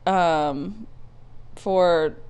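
Profane, animated woman telling stories. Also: on the low side, very slow, clear, resonant tone. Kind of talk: casual chat, storytelling.

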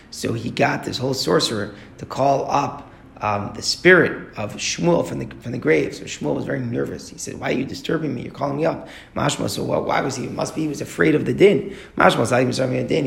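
A man giving a Talmud class to a group, explaining a text line by line and posing rhetorical questions in a quick, earnest delivery. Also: medium pitch, creaky. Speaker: Torah teacher. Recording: echoey room.

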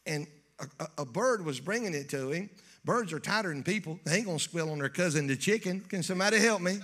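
A man preaching a folksy, joking sermon in church that builds to shouting. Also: sits high, lively intonation, quick pace. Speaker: pastor.

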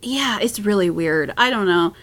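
A woman talking as a podcast guest in a casual chat, laughing often and pausing on fillers. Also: mid-range voice, animated, fairly bright tone.

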